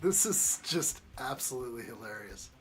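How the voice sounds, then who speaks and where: A man's voice: mid-range voice, lively intonation, normal speed, a bit bright. A man hosting a live building stream, chatting casually and jokingly with viewers as he reacts to the chat. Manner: jokey, chuckling, reacts to chat.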